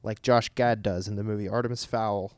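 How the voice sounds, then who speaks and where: A man's voice: on the low side, fairly even intonation, fairly quick, dry recording. A young man co-hosting a podcast, chatting casually in a rambling, joking way. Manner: rambling, laughing, self-deprecating. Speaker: podcast co-host. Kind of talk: casual chat.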